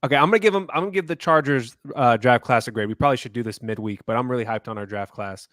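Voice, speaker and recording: A man co-hosting a sports podcast, talking in an animated, indignant way in casual chat. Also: medium pitch, very fast, few pauses, dry recording. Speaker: podcast co-host.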